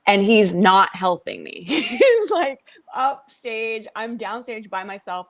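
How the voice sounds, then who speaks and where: A woman rapper, a podcast guest, telling a story with lively energy, swearing freely and acting out the voices of the people in it. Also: on the high side, slow. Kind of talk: animated storytelling.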